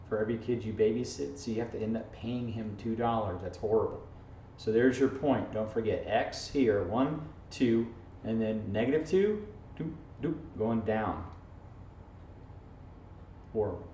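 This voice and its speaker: A man's voice: mid-range voice, darkish tone. A man teaching an algebra lesson in a jokey, playful way, constantly checking in with "okay?" and "right?", recorded in a classroom from across the room. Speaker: math teacher. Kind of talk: informal video math lesson. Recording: echoey, distant, dull camera audio with faint hiss.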